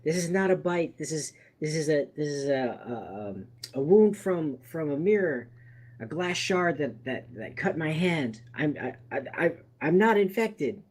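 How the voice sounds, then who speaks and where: A man's voice: on the high side, animated, unhurried. A man voicing a panicked wounded stranger in a tabletop game, stammering as he pleads. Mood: pleading.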